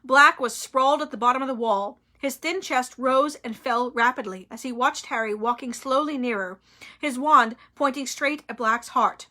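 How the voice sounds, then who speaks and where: High, bright woman reading aloud. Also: moderate pace. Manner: expressive, dramatic reading with casual asides. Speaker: storyteller reading a novel aloud.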